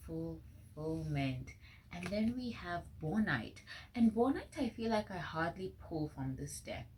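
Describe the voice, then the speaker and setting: A woman's voice: mid-range voice, a little hiss or hum, rough recording. Earnest woman doing a tarot reading. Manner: earnest, drifting into soft whispered asides. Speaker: tarot reader. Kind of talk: casual pick-a-card reading. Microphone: phone microphone.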